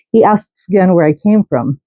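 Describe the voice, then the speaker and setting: A woman's voice: fairly low pitch, warm tone, no room sound, low-quality recording. A middle-aged woman hosting a vlog, telling a long story to camera in a chatty, rambling way with restarts. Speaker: host. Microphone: camera mic.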